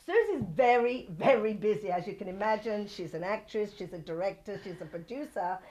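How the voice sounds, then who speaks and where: A woman's voice: animated, a little fast, darkish tone. A woman hosting a chatty local TV show, effusive and gushing as she introduces her guest. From not from Santa Barbara. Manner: effusive and gushing, high-spirited sign-offs. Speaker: TV show host.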